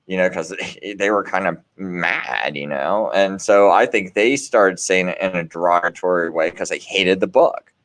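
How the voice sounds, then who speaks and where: A man's voice: sits low, normal speed, fairly bright tone. A man hosting a late-night show, talking in a casual, rambling monologue full of restarts and "you know"s, with an earnest, preachy bent.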